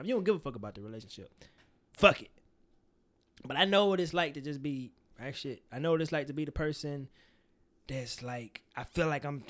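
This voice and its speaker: Candid, animated young man giving advice. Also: fairly high pitch. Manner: animated, candid, swears freely, acts out quoted lines. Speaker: podcast co-host. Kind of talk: casual advice chat.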